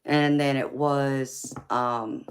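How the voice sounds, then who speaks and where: A woman's voice: a bass voice, fairly even intonation, drawn-out words, a little hiss or hum. Southern-drawling woman chatting on a live stream. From California, raised in Georgia. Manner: affectionate, calls viewers honey and babe. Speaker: tarot reader and livestream host. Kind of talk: casual live-stream chat with viewers.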